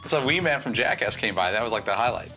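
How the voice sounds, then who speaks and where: A man's voice: on the low side, expressive, quick pace, gravelly, bright, forceful tone, soft background music. A man hosting a radio show, telling stories in casual chat and quoting the people in them. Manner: chatty, quotes others while telling stories. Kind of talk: casual studio chat, storytelling.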